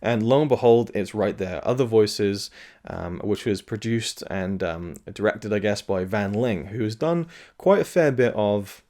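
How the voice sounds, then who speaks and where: Guy rambling about movies, lowish voice, lots of ums and likes. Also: expressive, a little slow, a little mellow. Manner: rambling, lots of fillers and restarts. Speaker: film podcast host. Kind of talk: casual solo commentary.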